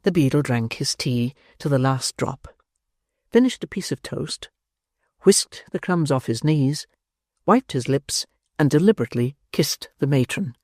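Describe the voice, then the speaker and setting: Audiobook narrator, middle pitch, dead dry close mic, reads slow and expressive with wry emphasis. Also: dry recording.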